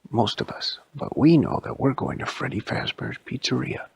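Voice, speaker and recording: A man voicing a friendly, matter-of-fact half-built robot fox in a soft bedtime-story voice. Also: mid-range voice, animated, normal speed, gravelly, a little hiss or hum, voice pushed up.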